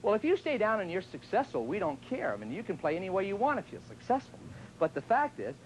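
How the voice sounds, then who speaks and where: A man's voice: sits high, wildly swooping pitch, quick pace, a little hiss or hum, rough recording. A man teaching tennis on a TV show in a chatty, joking way, sometimes acting out what his students say. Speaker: tennis instructor. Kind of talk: televised tennis lesson.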